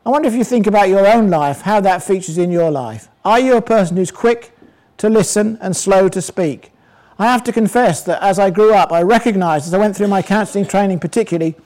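An older Englishman delivers a conversational sermon, posing questions to his congregation and slowing down to emphasize scripture. His voice is high-pitched and a little mellow, and the audio quality is poor.

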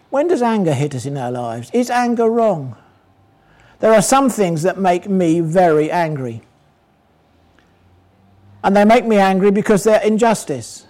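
An older man from England preaching a sermon in a conversational way, asking his congregation questions and slowing down to stress scripture. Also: high-pitched, darkish tone, rough recording.

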